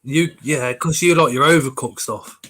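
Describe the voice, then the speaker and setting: Casual male streamer with a cold, bright and sharp voice, chatting and reading chat aloud. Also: fairly high pitch, normal speed. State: has a cold. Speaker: livestream host reading chat.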